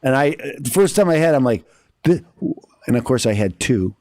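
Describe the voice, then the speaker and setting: A man's voice: mid-range voice, lively intonation, normal speed, mellow, dry recording, clean studio sound. A man co-hosting a casual talk show, telling easygoing stories and teasing his partner. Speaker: co-host. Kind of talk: casual banter.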